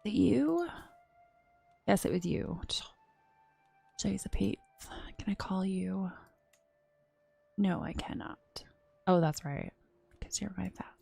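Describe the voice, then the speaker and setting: Husky whispering woman streamer. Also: fairly low pitch, fairly even intonation, takes it slowly, pauses often, soft background music. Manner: soft murmuring to herself, often unvoiced whisper. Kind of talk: whispered gameplay commentary.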